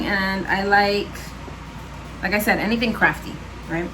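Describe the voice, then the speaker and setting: A woman's voice: mid-range voice, animated, normal speed. Chatty woman vlogger with noisy background. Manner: chatty, laughs often, many fillers. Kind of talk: casual chat. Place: home.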